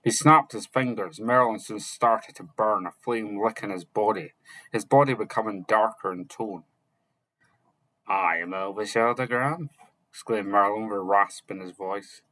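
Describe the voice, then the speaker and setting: A man narrating chapters of a fantasy novel, reading slowly and haltingly, sometimes correcting himself and only lightly voicing the characters. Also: fairly low pitch, steady tone, bright, forceful tone, no room sound, low-quality recording. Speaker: audiobook narrator.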